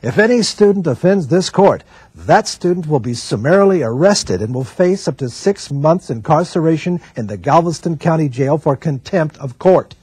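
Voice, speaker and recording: A man's voice: a little high, animated, normal speed, a little mellow, husky, no echo. A man reading out the words of a stern male federal judge who threatens anyone who breaks his ruling.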